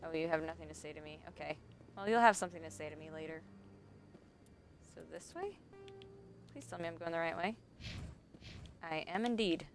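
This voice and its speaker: A woman's voice: low-pitched, a little fast, long pauses, soft background music. A woman streaming a video game live, chatting casually to herself and her viewers and laughing often. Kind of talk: casual live gameplay commentary.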